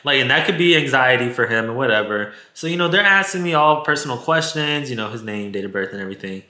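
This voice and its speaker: A man with a very bright, sharp-edged voice tells a personal story to his viewers, candid and emotional and quick to swear. His words bounce around an echoey room. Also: medium pitch, animated. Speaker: storytime vlogger.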